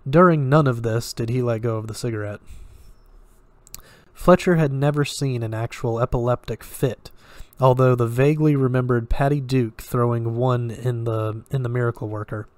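A man reading a dark thriller story aloud in a steady, even storytelling manner. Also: mid-range voice, moderate pace, no echo. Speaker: story reader. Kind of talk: audiobook-style story reading.

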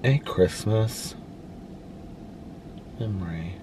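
Sitting in his parked car, a Midwestern American man talks casually to "you guys," wandering from topic to topic in a friendly, chatty manner. He speaks very slowly in a lowish voice, with background noise.

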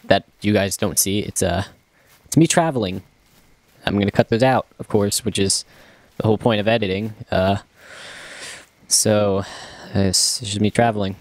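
A man's voice: lowish voice, normal speed, pauses often, dry recording. Chatty young man narrating his gameplay. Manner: chatty, talks to himself, jokey and self-mocking. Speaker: gameplay commentator. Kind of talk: casual let's-play commentary.

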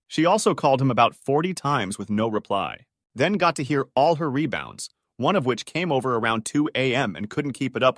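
A man narrating a string of short online stories in a steady, scripted reading voice. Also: mid-range voice, no room sound, studio quality.

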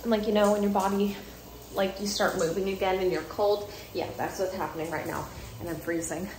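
A woman's voice: medium pitch, steady tone, brisk. A young woman vlogging at home at night in casual chat, rambling and correcting herself. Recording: roomy with faint noise.

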